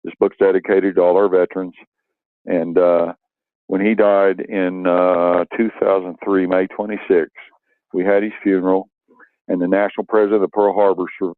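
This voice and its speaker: Older guy on a dry tinny phone call, emotional, lots of uhs, low voice. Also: no room sound. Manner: emotional, halting, with many fillers. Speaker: radio interview guest. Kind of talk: storytelling and poem reading over the phone. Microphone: telephone.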